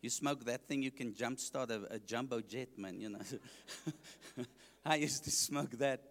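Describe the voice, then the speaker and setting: A man's voice: mid-range voice, a little slow, big-room sound. A man with a South African accent, an evangelist preaching his testimony to a congregation, joking and asking the listeners questions.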